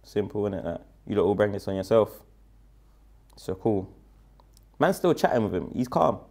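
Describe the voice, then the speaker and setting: Guest, man, gravelly dark voice, slangy and animated storyteller. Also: lowish voice, normal speed. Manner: slangy, animated retelling with quoted speech. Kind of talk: casual storytelling interview.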